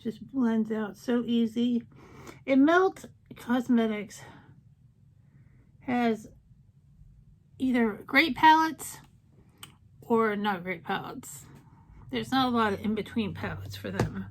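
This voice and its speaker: A woman's voice: a little high, takes it slowly, long pauses. A woman makeup vlogger chatting casually through a tutorial, gushing about colors and tossing in jokey asides.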